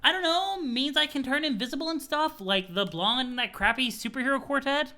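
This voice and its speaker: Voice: sits high, a little fast, sharp tone, pitched above the performer's own voice. A streamer voicing a flippant, sarcastic young woman who puts herself down. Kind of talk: reading a webcomic aloud with voices.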